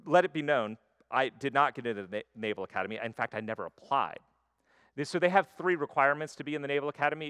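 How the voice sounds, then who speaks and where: A man preaching a sermon, swinging between loud emphasis and quiet, intimate stretches. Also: medium pitch, dry recording, clean studio sound. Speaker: pastor.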